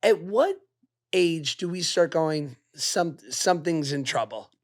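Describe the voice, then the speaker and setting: A man's voice: fairly high pitch, expressive, slow. A man in his thirties with a scratchy voice, co-hosting a casual podcast chat with playful jokes. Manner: joking, playful asides. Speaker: podcast co-host.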